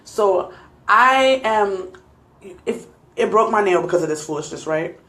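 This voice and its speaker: A woman's voice: medium pitch, expressive, measured pace, a bit bright, echoey room. A young adult woman vlogger, shaken and laughing nervously, retelling a scary night to her viewers on a phone. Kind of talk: casual storytelling to viewers.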